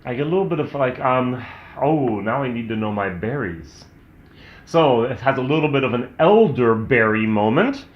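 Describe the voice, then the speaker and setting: A man's voice: medium pitch, expressive, moderate pace, a little hiss or hum. An American man hosting a casual whisky tasting review, chatty and candid, thinking aloud as he tastes. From United States. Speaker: whisky reviewer, channel host. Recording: roomy, slightly dull sound.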